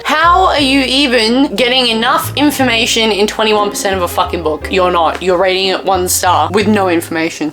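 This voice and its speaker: A woman's voice: medium pitch, expressive, brisk, hardly any pauses, a bit bright, faint music behind. Blunt, swearing Australian woman vlogger. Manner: blunt, exasperated, swears freely; drops to near-whispered asides. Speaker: book vlogger. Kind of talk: casual vlog commentary, reading reviews aloud.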